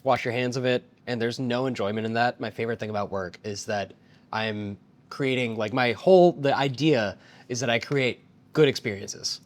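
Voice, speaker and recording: A man in a casual interview, talking about restaurant work in a relaxed, rambling way full of fillers. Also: mid-range voice, normal speed.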